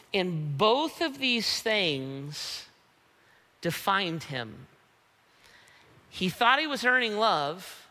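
High, bright-voiced preacher in a hall. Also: male voice. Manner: conversational, keeps asking "right?". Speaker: pastor. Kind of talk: sermon.

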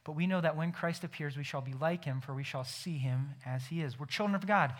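A young man preaching a sermon, animated and emphatic, acting out imagined conversations. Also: on the high side, a little fast. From Ohio. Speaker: pastor.

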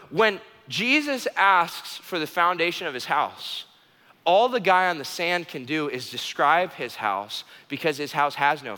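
A man preaching a sermon in an animated, joking way, repeating key phrases and restarting sentences. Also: a little high, in a large hall. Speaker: pastor.

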